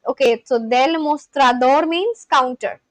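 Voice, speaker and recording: In an unhurried, high-pitched voice, a language-learning streamer from Kolkata, West Bengal, India says phrases and then translates them during a casual live chat. There's slight background noise and the recording quality is low.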